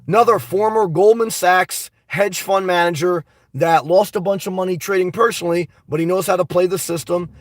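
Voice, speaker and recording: A man hosting a casual live stream, reading viewer comments and rambling about them in an animated way. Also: high-pitched, no room sound, clean studio sound, far from the mic.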